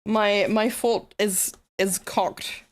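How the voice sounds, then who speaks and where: A woman's voice: mid-range voice, steady tone, very slow. A woman streaming live, chatting casually and teasingly with her viewers. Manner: confused, teasing, talking to chat. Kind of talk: casual livestream chat.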